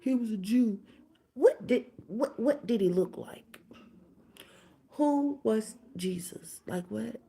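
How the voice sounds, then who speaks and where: A woman's voice: fairly high pitch, expressive, slow, vocal fry, dark tone. A young woman ranting bluntly and profanely on a casual livestream, firing off rhetorical questions while doing her hair.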